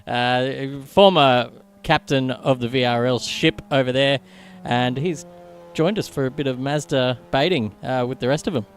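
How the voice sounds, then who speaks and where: A man giving chatty, quick live commentary on a sim racing qualifying session. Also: medium pitch. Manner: chatty, quick, laughs along.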